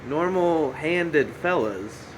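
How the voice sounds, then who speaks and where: This podcast host, a man with a slightly high voice and lively intonation, stretches out his words over poor-quality audio. Alone at the mic, he wanders from topic to topic, teasing himself, acting goofy and sometimes shouting, while a fan runs quietly in the background.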